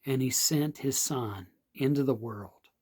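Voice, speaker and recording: A man preaches a devotional sermon at a deliberately unhurried pace. He speaks earnestly, stressing key lines by repeating them. His voice sits at an ordinary middle pitch. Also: a little mellow, breathy edge. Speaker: pastor. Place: outdoor or home setting, not in church.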